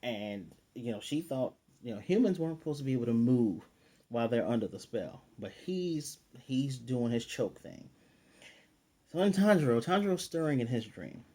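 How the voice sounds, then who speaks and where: A man with an ordinary mid-pitched voice reviews an anime episode in a relaxed, chatty way. He retells each scene as he goes and slips in quick paraphrased character lines. His delivery is loose, full of fillers and restarts. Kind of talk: casual episode recap and review.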